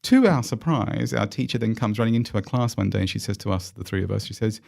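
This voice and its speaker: A middle-aged man with an Australian accent, telling lively stories and giving encouraging advice as an interview guest, with many restarts. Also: fairly low pitch, fast, gravelly. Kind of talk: casual storytelling interview.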